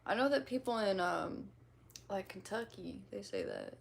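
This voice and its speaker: A woman's voice: mid-range voice, huge pitch swings, moderate pace, creaky, a little hiss or hum. A woman from the American Midwest with a slight Midwestern twang, chatting casually on a livestream in a giggly, playful, self-teasing way. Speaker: streamer. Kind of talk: casual livestream chat reading comments.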